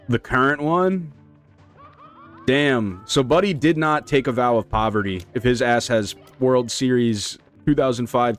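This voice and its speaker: A man chatting casually on a live stream while playing, rambling and slangy. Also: mid-range voice. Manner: rambling, slangy, laid-back. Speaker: speedrun streamer.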